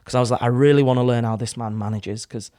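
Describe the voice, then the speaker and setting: A man's voice: mid-range voice, steady tone, quick pace, mellow, no room sound, studio quality. A young man, casually telling a rambling story in a podcast chat, with some swearing. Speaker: podcast guest. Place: studio. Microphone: studio microphone.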